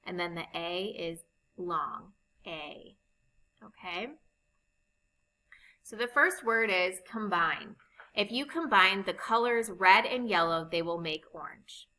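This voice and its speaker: A woman teaching a recorded phonics lesson, explaining spelling rules slowly and patiently. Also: medium pitch, bright, forceful tone, rough recording. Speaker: reading teacher.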